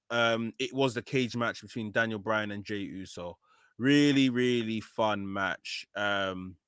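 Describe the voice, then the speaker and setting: A man's voice: mid-range voice, a bit bright, clear, resonant tone, dry recording, studio quality. Opinionated British man reviewing wrestling. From Nigeria. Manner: opinionated, frustrated, with frequent "um" and "you know". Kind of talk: casual spoken review.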